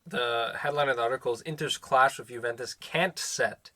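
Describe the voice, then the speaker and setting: Bright-voiced man on a podcast. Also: medium pitch, moderate pace. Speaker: podcast co-host. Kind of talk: casual chat.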